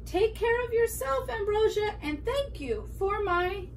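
A woman's voice: very high voice, expressive, a little slow, voice pushed up, heavily acted. A woman voicing a cheerful, eager young girl who dotes on her uncle, recorded from a distance with faint room noise. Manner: bright, eager and affectionate.

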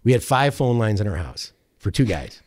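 A man's voice: lowish voice, moderate pace. A man, a sports radio producer, telling a long anecdote in casual chat, rambling with restarts. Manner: rambling, animated anecdote with quoted voices and self-corrections. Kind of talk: casual storytelling.

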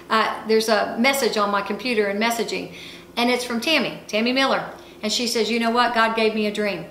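A woman ministry speaker and show host giving an animated sermon-style testimony, telling her story with frequent laughs. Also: on the high side. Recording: echoey room with faint ambient noise.

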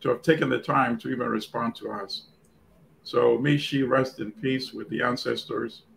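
A man co-hosting a panel discussion, speaking in a deliberate, reflective way. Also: medium pitch, fairly even intonation, gravelly, fairly bright tone, a little hiss or hum, rough recording. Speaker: co-host and weekly radio host.

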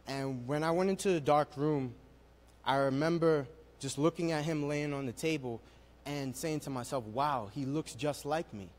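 Emotional young man giving testimony. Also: fairly high pitch. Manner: emotional storytelling, rising in intensity. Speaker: testimony speaker. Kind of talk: personal testimony at a worship service.

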